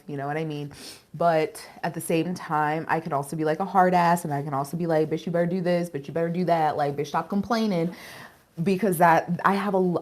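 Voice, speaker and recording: A woman doing a casual live tarot reading, chatty and candid, with casual swearing and quick giggles. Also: low voice. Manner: emotional and giggly. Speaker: tarot reader.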